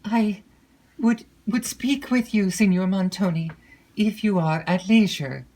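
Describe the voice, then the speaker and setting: A woman's voice: medium pitch, measured pace, darkish tone, voice pushed up, natural voice. A woman voicing a frightened young woman who pleads with a faltering, tremulous voice. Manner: trembling, faltering, earnest.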